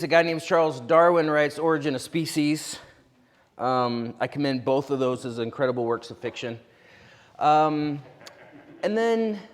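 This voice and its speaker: A man preaching a sermon as pastor, telling a story with lively asides. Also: on the high side. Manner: animated storytelling with quick asides. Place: church sanctuary. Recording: long reverb of a church hall.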